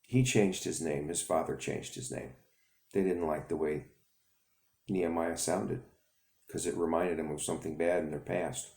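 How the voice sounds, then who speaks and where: Deep, gravelly-voiced man preaching a story. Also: steady tone, darkish tone, echoey room. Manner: plain, halting storytelling with repeated words. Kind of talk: storytelling sermon.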